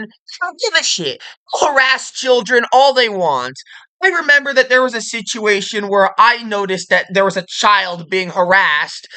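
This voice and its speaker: Brief: sarcastic woman YouTube ranter, profane and blunt, tense bright tone. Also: fairly high pitch, smooth, rough recording. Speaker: commentary video host. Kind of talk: ranting online commentary.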